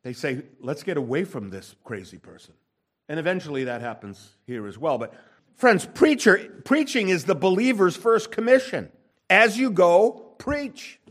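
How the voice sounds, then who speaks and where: Emphatic male preacher with a lively pitch. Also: moderate pace. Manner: emphatic preaching with wide swings in pitch and loudness; rhetorical questions to the congregation. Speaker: pastor. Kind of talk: sermon.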